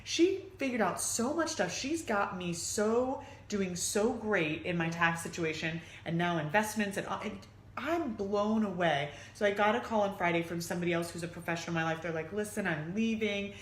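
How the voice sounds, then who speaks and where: A middle-aged woman co-hosting a casual chat, telling stories and acting out quotes in high, excited voices. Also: moderate pace. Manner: animated storyteller, acts out quotes in high voices. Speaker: podcast co-host. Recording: echoey room, faint noise.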